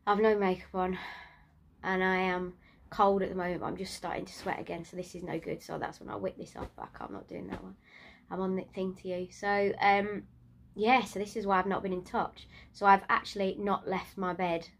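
A woman vlogging from her sickbed, nasal, exhausted and short of breath, talking in a halting, trailing way. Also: medium pitch, fairly even intonation, creaky. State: ill and exhausted, weak voice. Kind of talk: casual video diary. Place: in bed at home.

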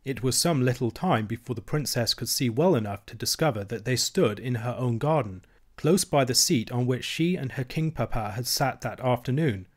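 A man reading a children's novel aloud in a steady, measured storytelling voice. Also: medium pitch. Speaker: reader.

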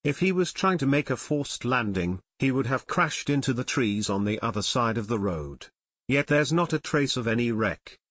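A man's voice: mid-range voice, animated, moderate pace, a bit bright, no room sound, studio quality. A man reading the part of a practical, level-headed teenage detective.

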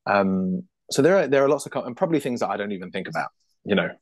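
A British man talking as a puppeteer guest in a casual interview. He is animated, laughs often and restarts his sentences quickly. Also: lowish voice, dry recording. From United Kingdom.

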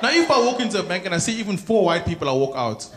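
A South African man doing a stand-up comedy routine on a theatre stage, telling animated stories and acting out other people. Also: sits high, very fast. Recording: roomy theatre sound with crowd noise. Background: laughing audience.

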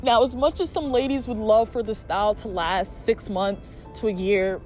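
A woman's voice: mid-range voice, fairly even intonation, moderate pace, darkish tone. Young woman, casual product review vlog, earnest, emphatic, repetitive, faint background music.

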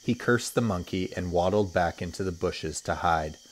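A man, a teacher, reading a children's story aloud with expressive storytelling. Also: sits low, moderate pace, a little hiss or hum.

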